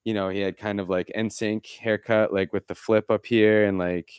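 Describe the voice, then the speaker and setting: A man's voice: fairly low pitch, level tone, moderate pace, clean tone, no room sound. A man co-hosting a podcast, chatting casually, rambling through stories with many fillers and restarts. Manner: mimics people in quoted asides. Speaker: podcast co-host. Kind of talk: casual chat.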